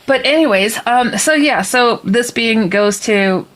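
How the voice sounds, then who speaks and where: A woman guest telling a story in a lively, casual way, speaking into a computer on a video call. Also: fairly high pitch, unhurried, rough recording. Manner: lively, acts out quoted voices.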